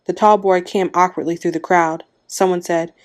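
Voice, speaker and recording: A woman's voice: fairly low pitch, fairly even intonation, normal speed. A woman narrating a short story, reading aloud and giving the characters' lines small shifts of voice.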